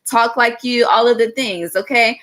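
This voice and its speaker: A woman's voice: fairly high pitch, fairly even intonation, moderate pace, a bit bright. A woman giving a chatty, frank tarot reading, calling listeners "baby" and tagging nearly every line with "okay". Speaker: tarot reader. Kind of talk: casual tarot reading monologue.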